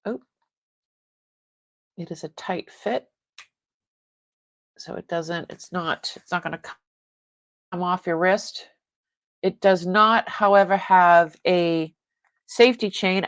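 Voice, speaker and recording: A woman's voice: lowish voice, steady tone, slow, long pauses, no echo. A woman hosting a live online jewelry sale, chatting casually with viewers and rambling, often breaking off mid-sentence. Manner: chats with viewers reading comments.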